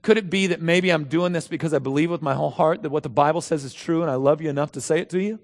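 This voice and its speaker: A man's voice: fairly high pitch, fast. A man preaching a sermon as pastor, emphatic, asking rhetorical questions and reading scripture aloud. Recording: long hall reverb.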